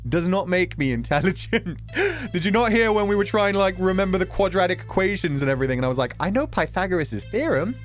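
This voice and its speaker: A man's voice: high voice, animated, fast talker, faint music behind. A man streamer in a casual chat, reading out donation messages, playful with words and swearing casually.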